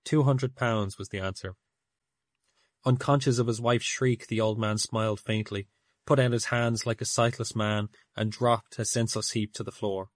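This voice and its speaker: Low-voiced male storyteller. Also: flat delivery, moderate pace, dry recording, clean studio sound. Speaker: narrator. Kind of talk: audiobook story narration.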